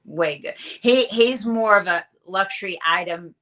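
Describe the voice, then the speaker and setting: A woman in her sixties, a guest on an interview show, telling chatty, animated stories full of fillers. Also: mid-range voice, a little slow. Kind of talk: casual storytelling interview.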